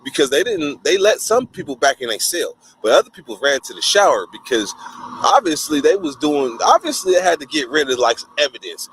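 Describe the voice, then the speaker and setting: A man tells a prison story in a casual vlog, full of profanity and voicing other people in a high pitch. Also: huge pitch swings, brisk, creaky, fairly bright tone, slight background noise, rough recording. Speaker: vlogger, former prisoner.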